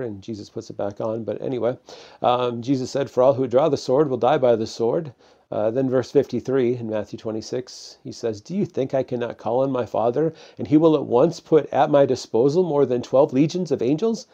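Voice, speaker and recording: Male pastor, gravelly and mellow, chatty sermon to camera with fillers, lo-fi sound. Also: mid-range voice. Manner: plain conversational preaching with many fillers. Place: preaching to a camera.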